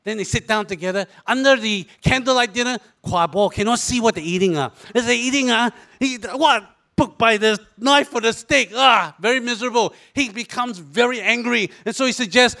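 A man with a Singaporean English accent tells a comic story in a very high, bright voice. He is animated and keeps slipping into voices for the people in his story. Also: moderate pace, vocal fry. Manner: animated, switches into character voices. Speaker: comedic storyteller.

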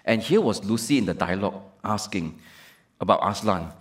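A male pastor delivering a sermon, measured and emphatic, repeating key phrases. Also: lowish voice, lively intonation.

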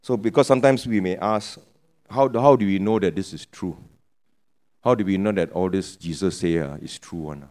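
A man's voice: low-pitched, moderate pace, a little mellow. A man from Penang preaching a sermon in a Penang English accent, chatty, with joking asides and local particles. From Penang, Malaysia.

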